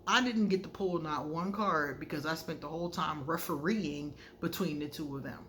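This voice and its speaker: A woman's voice: sits low, normal speed, slight background noise. A woman tarot card reader talking to her viewers in a casual vlog monologue, frank and conversational, telling stories animatedly. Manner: animated storyteller who acts out quoted dialogue.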